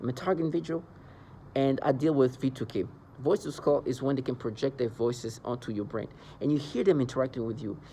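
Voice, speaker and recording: A man's voice: medium pitch, fairly quick, mellow, a little hiss or hum. A man delivering an agitated, rambling monologue into the camera, with mocking asides. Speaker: vlogger describing being targeted. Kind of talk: angry monologue.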